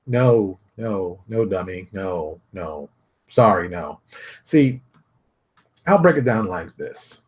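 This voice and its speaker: A middle-aged man hosting his own show from his home office, ranting bluntly and casually. His voice keeps jumping high and dropping low as he presses his points. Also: slow. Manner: blunt, animated ranting with big pitch jumps. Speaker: host. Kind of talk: casual solo vlog commentary.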